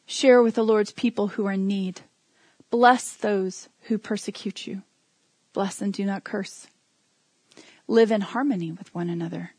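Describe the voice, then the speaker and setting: A woman's voice: mid-range voice, fairly even intonation, measured pace, darkish tone, husky, no echo. A woman preaching a sermon in a conversational way, with humor and asides.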